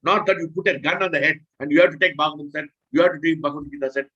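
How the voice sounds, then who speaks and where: A man's voice: a little high, rapid-fire, pushed and bright, slightly rough, muffled recording. A man preaching a scripture class in an earnest, repetitive, instructive way.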